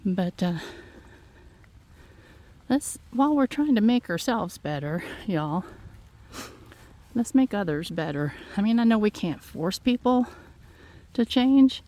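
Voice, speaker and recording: A woman, slightly out of breath, talking gently and haltingly to her viewers outdoors on a phone. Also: mid-range voice, expressive. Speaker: farm vlogger. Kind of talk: casual heartfelt talk to viewers. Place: outdoors in fog. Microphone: handheld phone.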